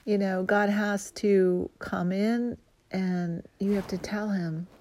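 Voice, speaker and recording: Woman minister, sermon, earnest, emphatic, slows to stress points. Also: medium pitch, mellow. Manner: earnest, emphatic preaching with slow stressed phrases.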